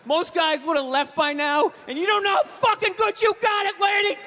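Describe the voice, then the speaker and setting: A man voicing a short-tempered middle-aged father who swears through gruff outbursts, in a reverberant hall. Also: very high-pitched, very animated, fairly quick, sharp tone, slight background noise, exaggerated voice. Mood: ranting.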